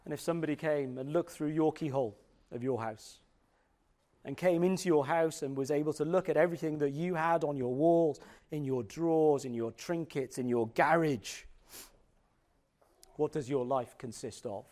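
A middle-aged man preaching a sermon, expressive, dropping to slow, quiet emphasis on scripture. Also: on the high side.

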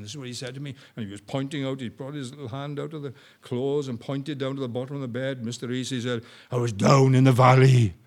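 An older man preaching a sermon, shifting between soft, slow storytelling and loud, rising appeals to the congregation. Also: medium pitch.

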